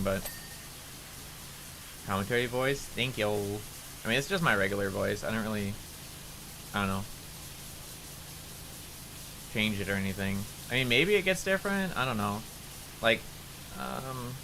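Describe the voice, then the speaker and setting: A man's voice: on the low side, bright, forceful tone, a little hiss or hum. A young man streaming a game, chatting casually and rambling, with a nasal tone. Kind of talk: casual gameplay commentary.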